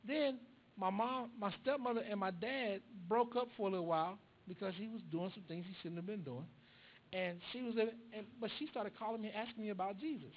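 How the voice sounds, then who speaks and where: A man's voice: high-pitched, lo-fi sound, a little hiss or hum. A young man preaching a sermon, telling a family story animatedly and acting out the voices. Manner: animated, acts out dialogue.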